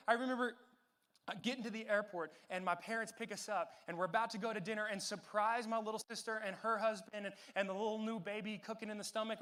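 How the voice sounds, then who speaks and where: Young man, high voice, youth pastor, storytelling sermon, casual, animated, lots of fillers.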